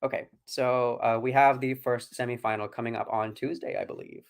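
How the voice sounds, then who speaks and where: With a steady, creaky but clear and resonant medium-pitched voice, this Californian livestream co-host talks a little fast in casual chat. Enthusiastic, he stumbles into his sentences and says things more than once.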